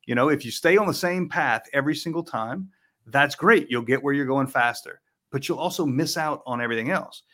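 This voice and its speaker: A man of mid pitch talks things through in an easy, conversational way, reaching for homely comparisons to make his point. He restarts phrases often and breaks into a light laugh now and then. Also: brisk, a bit bright. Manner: thoughtful, analogy-rich, with frequent restarts and light laughs. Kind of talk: conversational explanation.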